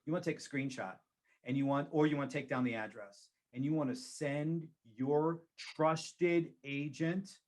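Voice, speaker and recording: A man's voice: mid-range voice, a little fast, a little mellow. A man who works as a real estate agent, giving advice in a conversational interview and repeating key phrases for emphasis.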